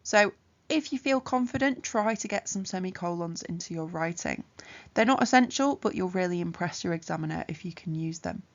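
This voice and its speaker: A woman teaching an exam revision lesson, explaining punctuation rules clearly and methodically with examples. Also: on the low side, expressive, brisk, highs cut off. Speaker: English tutor.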